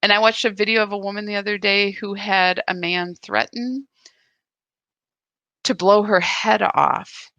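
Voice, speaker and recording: A woman hosts a live spiritual practice and speaks in a confessional, searching way. Her delivery is unhurried and her voice has a bright, clear edge. The recording is dry and close, with no room sound. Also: medium pitch, fairly even intonation, dry recording. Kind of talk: live reflective spiritual talk.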